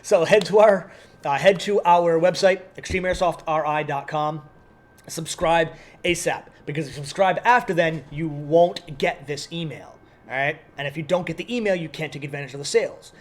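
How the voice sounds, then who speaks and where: A man on a casual podcast, promoting sales and programs in a relaxed, teasing way. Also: on the high side, normal speed. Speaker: podcast co-host at an airsoft field.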